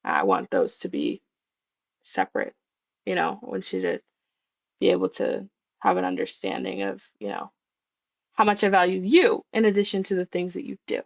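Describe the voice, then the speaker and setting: Earnest woman, halting casual talk. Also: medium pitch, expressive, vocal fry, no room sound, dull audio. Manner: earnest, halting, with many ums and restarts. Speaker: podcast co-host. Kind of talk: casual chat.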